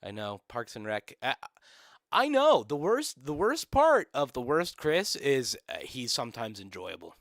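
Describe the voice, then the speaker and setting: Young man, live-stream rant, sarcastic and profane, lively swinging pitch, dry close sound. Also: measured pace, dry recording. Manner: profane, sarcastic, laughs often.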